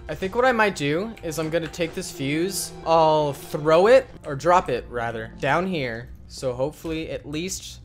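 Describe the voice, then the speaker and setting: Male gaming host, higher voice, very animated, jokey let's-play commentary with loud outbursts, game music underneath. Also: unhurried, hardly any pauses. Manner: jokey, talks to the game, bursts into loud yells.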